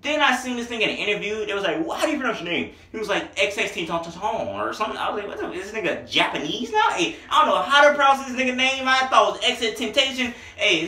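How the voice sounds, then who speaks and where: A man's voice: high voice, pushed and bright. Profane joking young man in an echoey room. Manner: rambling, profane, joking riffs. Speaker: vlogger reviewing a mixtape. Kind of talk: casual comedic music review. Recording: echoey room, mic at a distance.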